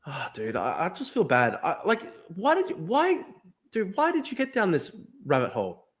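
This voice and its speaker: A man's voice: sits high, huge pitch swings, moderate pace. A man from Australia hosting a heated debate, exasperated, stammering and restarting, calling the other person "dude" again and again. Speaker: podcast host.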